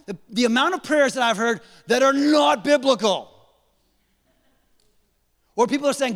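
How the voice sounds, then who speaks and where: A pastor in his forties with a high voice delivers a lively sermon, acting out prayers in different voices and slipping in joking asides. His voice rings with the long reverb of a large hall. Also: moderate pace.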